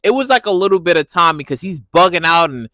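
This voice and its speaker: A man giving a casual, animated recap of a TV episode, laughing and repeating himself as he reacts. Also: fairly high pitch, fast, no room sound. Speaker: TV recap vlogger.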